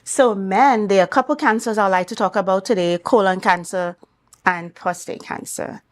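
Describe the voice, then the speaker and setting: Her Trinidad and Tobago accent clear, a doctor guesting on a morning talk show offers measured, clinical explanations in a mid-range voice.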